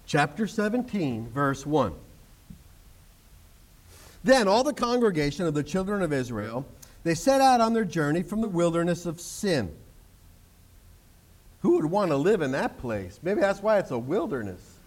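High-voiced preacher delivering a lively sermon. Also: male voice, unhurried, pauses often. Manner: animated preaching with jokes and acted-out quotes. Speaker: pastor.

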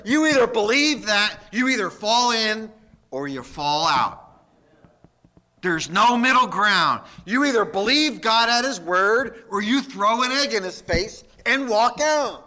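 A man's voice: sits high, expressive, slow, bright, forceful tone. A man, a pastor, preaching a sermon in a folksy, emphatic way with jokes.

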